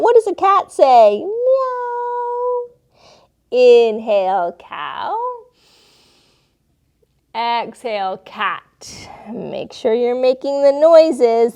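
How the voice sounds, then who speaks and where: A woman with a slightly high voice leads children through yoga poses at an unhurried, calm pace. She talks gently and playfully, coaxing the little ones along and sometimes roaring or meowing with them. She sounds like a young adult. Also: vocal fry, clean tone. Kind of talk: guided kids' yoga instruction.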